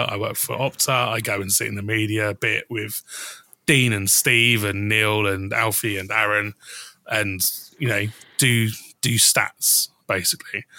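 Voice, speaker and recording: A man hosting a podcast tells rambling stories, restarting his sentences and swearing casually. His voice sits on the low side, and the sound is bright, dry, and close, with no echo.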